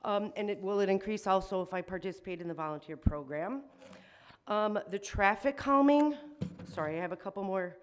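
A woman's voice: medium pitch, a little fast, clear, resonant tone. A woman giving public comment at a city meeting, shaky and emotional, indignant, with frequent ums. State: shaking with emotion. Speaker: resident speaking at public hearing.

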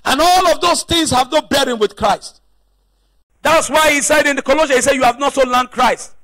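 A male pastor preaches in a very high, piercing voice, hammering home his points with repeated questions thrown back at the congregation. The sound is dry and close, with almost no room echo. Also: normal speed, sharp tone. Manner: emphatic preaching with repeated call-and-response questions. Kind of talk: sermon. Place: church.

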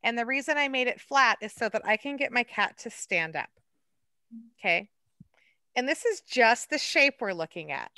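A woman art docent leading a hands-on clay lesson, chatty and quick to laugh at herself. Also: fairly high pitch, expressive, sharp tone, no room sound.

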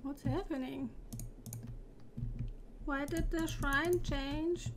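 A woman's voice: high voice, fairly even intonation, drawn-out words, background noise. A woman playing a horror game, nervously commenting and talking to things on screen. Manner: nervous, talks to objects on screen. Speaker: let's play gamer. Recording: keyboard clicks and typing heard.

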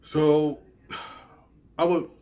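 A man's voice: fairly high pitch, little pitch movement, very slow, dark tone. Rambling, apologetic man. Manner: rambling, apologetic, many fillers and restarts. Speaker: gaming channel host. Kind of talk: casual talk to camera.

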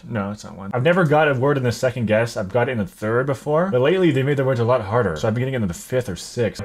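A man thinking aloud as he plays a word puzzle, muttering half-words and guesses and laughing often at himself. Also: medium pitch. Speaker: gaming YouTuber. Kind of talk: thinking aloud while playing a word game. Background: music.

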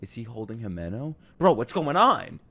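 A man hosting an anime reaction video in casual commentary, swinging between loud outbursts and hushed murmurs. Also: medium pitch, big pitch swings, moderate pace. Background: faint anime soundtrack music.

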